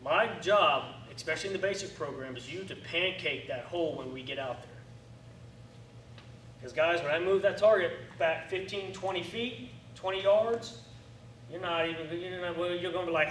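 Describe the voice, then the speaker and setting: A man teaching a firearms class in a lively coaching way, acting out his students' reactions. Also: fairly high pitch, moderate pace. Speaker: firearms instructor. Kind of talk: classroom instruction. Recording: echoey room, distant mic, faint noise.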